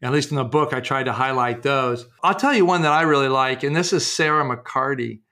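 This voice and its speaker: An author and researcher, interviewed as a guest about his research and book, speaks in a mid-range, sharp-toned voice at a fairly quick pace. He tells case stories full of restarts and fillers, acting out the quotes.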